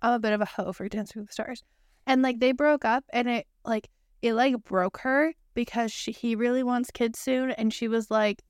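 A woman co-hosting a podcast, chatty and gossipy in casual conversation, with quick asides. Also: on the high side, steady tone, clean tone, dry recording, studio quality. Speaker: podcast co-host. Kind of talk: casual chat.

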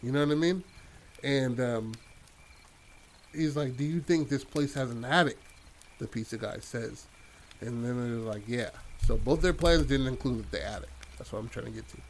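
A man's voice: medium pitch, moderate pace, darkish tone, a little hiss or hum. Rambling casual male storyteller. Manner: rambling, loose, lots of fillers and swearing. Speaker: podcast co-host pitching a horror story.

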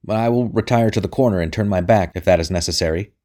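A man voicing a gruff, anxious soldier who barks his words harshly and loudly. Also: fairly low pitch, fast talker, natural voice. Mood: exasperated. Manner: barking, harsh and forceful.

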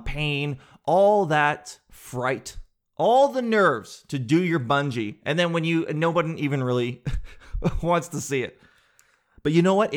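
Man, casual comic monologue, rambling, joking, slightly high voice. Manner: rambling, joking, self-mocking.

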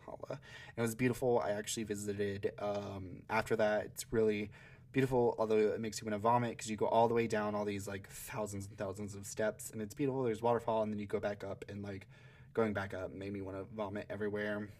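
A man's voice: fairly low pitch, level tone, a little fast, darkish tone. A young man from Georgia hosting a podcast, telling stories in a chatty, sassy way and laughing often. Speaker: podcast host. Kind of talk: casual solo storytelling.

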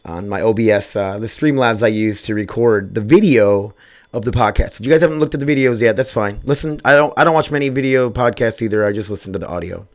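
Male podcast host, solo, casual and self-deprecating, rambles and loses his thread, low-to-mid voice, home mic. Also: fast. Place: home recording setup. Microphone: desk microphone.

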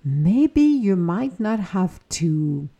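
A woman's voice: fairly low pitch, sing-song, drawn-out words, mellow, breathy edge, dull audio. A woman hosting a spiritual podcast, talking in an earnest, encouraging way about trusting the universe, sometimes acting out anxious inner voices. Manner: earnest, encouraging, slips into acted inner-voice quotes. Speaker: podcast host. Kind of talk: reflective spiritual podcast talk.

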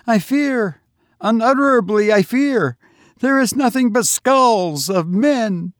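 A man voicing a terrified male pilgrim who pleads in a high, strained, panicked voice. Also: expressive, takes it slowly, dry recording, clean studio sound, exaggerated voice.

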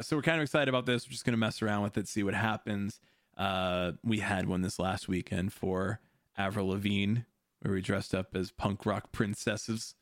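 A man's voice: fairly low pitch, no room sound, clean studio sound. A man hosting a podcast in casual chat, rambling loosely, laughing often and swearing. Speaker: podcast host. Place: home streaming setup.

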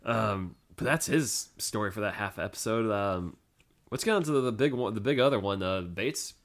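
A man co-hosting a casual podcast who laughs often and reacts with animated asides while recapping an episode. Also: fairly low pitch, moderate pace. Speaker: podcast co-host.

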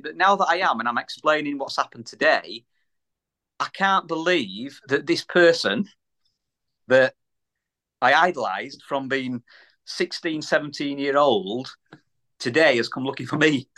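A man's voice: fairly high pitch, lively intonation, measured pace, sharp tone. A man from the UK, a small business owner, telling a story in a casual podcast chat, repeating words and acting out the voices of people he quotes.

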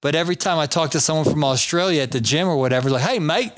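A man's voice: on the high side, racing, dry recording. A man hosting a podcast interview over a remote call, chatty and jokey, rambling with restarts. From United States. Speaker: podcast host. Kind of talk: casual interview chat. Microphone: remote call over a social app.

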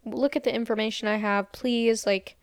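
With a slightly high voice and fairly even intonation, a young woman speaks at a moderate pace while recapping a movie for her podcast. She casually retells scenes, quotes lines, and says "like" frequently. The audio is clean studio sound with no echo.

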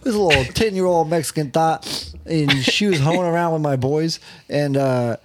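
A man's voice: on the high side, moderate pace, noisy background. A young man hosting a podcast, telling crude stories in casual banter with lots of swearing. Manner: animated storytelling, swears a lot. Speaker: podcast host.

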